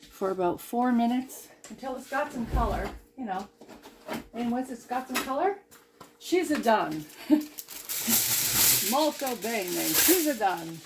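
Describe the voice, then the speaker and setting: A woman's voice: mid-range voice, mellow. Chatty, goofy woman cooking at home. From Canada. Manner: chatty and goofy, talking to herself as she cooks. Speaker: cooking vlogger. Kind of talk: casual cooking demonstration. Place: home kitchen.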